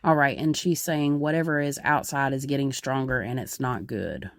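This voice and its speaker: A woman's voice: extremely low pitch, normal speed, noisy background. A woman podcast host and medium, talking casually in an earnest, rambling way with many fillers.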